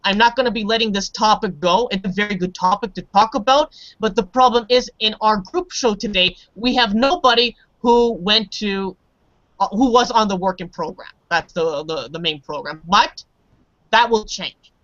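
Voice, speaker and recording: A woman teaches a live online English class and talks in a relaxed, halting way, often restarting and repeating words. Her voice sits at a middle pitch. The audio is dry and a little dull and muffled. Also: no room sound.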